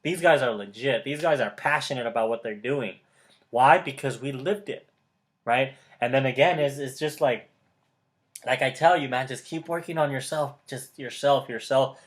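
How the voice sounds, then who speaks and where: A man's voice: medium pitch, normal speed. A man in casual motivational coaching chat, enthusiastic and emphatic, repeating key words, laughing often and calling the listener brother or bro. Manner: laughs often mid-sentence. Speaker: motivational mentor.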